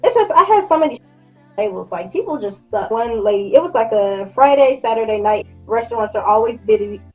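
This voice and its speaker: A woman in her twenties telling a story in a casual vlog, blunt and profane, with lively acted-out quotes. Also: fairly high pitch, fairly quick, highs cut off, soft background music. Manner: blunt, profane, animated quoting. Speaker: vlogger.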